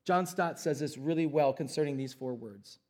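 Man, pastor, thirties, sermon, fairly high voice, emphatic, slows on key phrases. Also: a little mellow. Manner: emphatic, varied pace with slowed stressed phrases.

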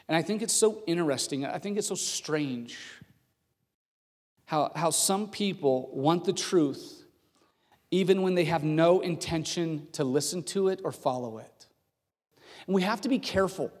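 A man preaching a sermon who retells a scripture story with lively acted-out voices. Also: medium pitch, brisk. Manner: animated, acts out the characters' voices. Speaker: pastor. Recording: long hall reverb.

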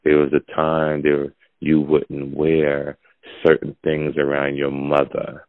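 Very deep gravelly man ranting. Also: monotone, takes it slowly, no room sound. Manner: blunt, preachy, gravelly and low. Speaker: podcast host. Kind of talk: casual opinionated monologue. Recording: dull lo-fi audio.

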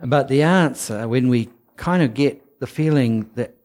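A man giving an informal, chatty sermon, with laughing asides and a low voice for the quoted whispers. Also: measured pace, a little mellow. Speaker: preacher.

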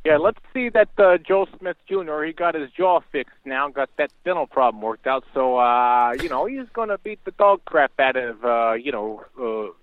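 A man's voice: mid-range voice, animated, normal speed, few pauses. Midwestern male caller, folksy rambler, tinny phone line. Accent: American Midwestern. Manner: rambling, folksy, filler-heavy. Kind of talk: casual call-in chat.

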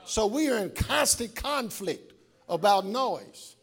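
Gravelly high-voiced preacher shouting. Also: male voice, lively intonation, slow. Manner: loud, rising call-and-response preaching, often shouting. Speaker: pastor. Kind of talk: sermon.

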